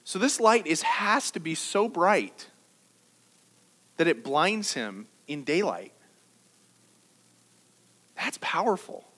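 A man delivers a sermon in a bright, high voice that leaps up and down as he talks. He preaches like he's chatting with the congregation, teasing them with jokes and rhetorical questions. His tone swings with energy from line to line. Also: lively intonation, takes it slowly, long pauses. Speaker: pastor. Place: church service.

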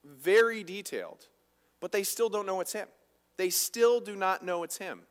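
A man's voice: high-pitched, moderate pace, clean tone, big-room sound. A man preaching a conversational sermon as a pastor, often asking his listeners rhetorical questions.

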